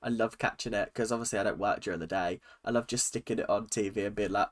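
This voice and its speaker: A British woman hosting a casual reaction video, sarcastic and expressive, swearing freely as she comments. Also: a bass voice, quick pace, hardly any pauses. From United Kingdom.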